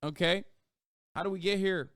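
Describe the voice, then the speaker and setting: Smooth-voiced male streamer, cursing and rambling. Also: fairly even intonation, moderate pace, no room sound, clean studio sound. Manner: profane, rambling, with sudden loud jumps in pitch. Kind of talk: casual live-stream chat.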